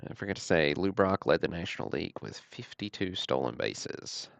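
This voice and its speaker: A man hosting a livestream, calling out trading cards one after another in a steady, matter-of-fact way with dry self-deprecating asides. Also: sits low, brisk, creaky, no room sound. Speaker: host of a card-break livestream.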